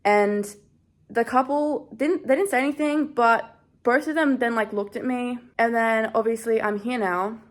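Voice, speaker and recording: A woman's voice: a little high, measured pace. A young woman vlogger, shaky and scared, rambling through a story in casual chat with lots of "like". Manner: shaken, rambling, heavy use of "like".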